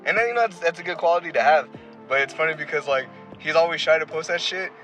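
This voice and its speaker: A man's voice: fairly high pitch, fast, faint music behind, low-quality recording. A man co-hosting a podcast in casual chat, telling stories animatedly and swearing casually. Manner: animated storyteller, laughs easily, swears casually. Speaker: podcast co-host.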